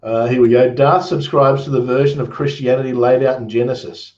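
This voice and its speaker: A man's voice: mid-range voice, steady tone, brisk, darkish tone. An Australian man hosting a casual chat, reading comments aloud in a rambling, good-humored way. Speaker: host. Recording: roomy, dull lo-fi sound.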